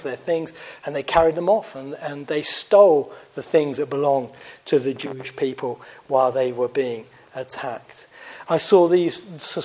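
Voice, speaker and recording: A man preaching a sermon in an earnest, conversational way, getting louder and softer for emphasis. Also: on the high side, low-quality recording.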